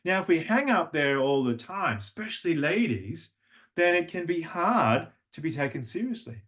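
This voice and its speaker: A man's voice: on the high side, very animated, normal speed, fairly bright tone. A man working as a voice coach, leading a live workshop and patiently talking participants through vocal exercises. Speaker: language and voice coach.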